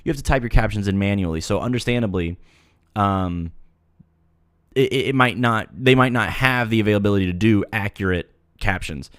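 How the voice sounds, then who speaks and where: A man's voice: lowish voice, a little fast, a bit bright, dry recording, clean studio sound. A man giving mock-serious commentary on a video, lecturing earnestly with playful asides. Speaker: video reviewer.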